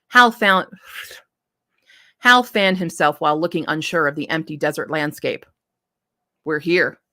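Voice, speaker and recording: A woman reading her own story draft aloud, pausing to redo lines as she goes. Her voice sits on the low side and her delivery is casual. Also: pushed and bright.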